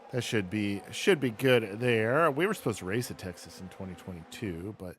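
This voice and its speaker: Low-voiced man giving laid-back gameplay commentary. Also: animated, normal speed, background noise. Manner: wry, self-mocking, talks through car setup. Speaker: gaming streamer. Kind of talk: casual live gameplay commentary.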